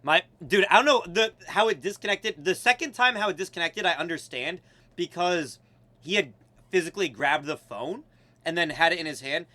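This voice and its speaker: Young man, American accent, bright voice, casual streamer chat, slangy, swears a lot. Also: a little high, expressive, normal speed, no echo, soft background music. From United States. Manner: loose, swearing, laughing, lots of "bro" and "like".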